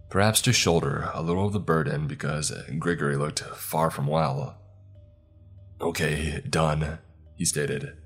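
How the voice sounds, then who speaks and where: A man narrating a scripted first-person horror story in a calm, steady way. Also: extremely low pitch.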